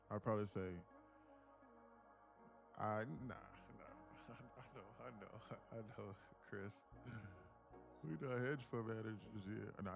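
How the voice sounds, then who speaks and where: A man from with a gravelly voice, boasting about his trading and bantering with viewers on a live stream from his home apartment. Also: on the low side. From Atlanta, USA. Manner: boastful, teasing banter with chat. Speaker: day trader streamer.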